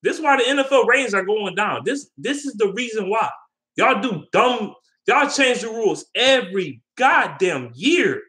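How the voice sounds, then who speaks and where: A male vlogger with a high-pitched, bright, forceful voice and lively intonation rants heatedly at a moderate pace in a casual sports video. He swears a lot, keeps repeating his points, and takes questions from viewers.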